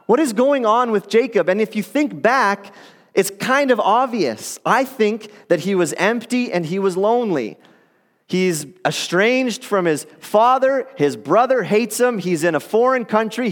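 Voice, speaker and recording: A man giving a sermon as pastor, in a conversational, animated storytelling way. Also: sits high. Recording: long hall reverb.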